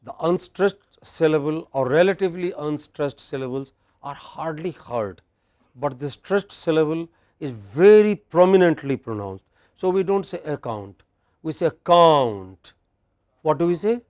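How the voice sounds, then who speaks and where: A man with an Indian English accent teaching in a classroom, leading a drill and stressing each word loudly for the class to repeat. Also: on the high side, animated, moderate pace.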